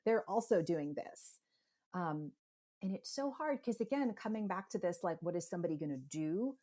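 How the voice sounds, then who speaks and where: A middle-aged woman from the United States, a psychotherapist speaking as a podcast guest, talking animatedly and acting out parents and kids in quick voices. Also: on the low side, lively intonation, dark tone. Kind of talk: conversational interview.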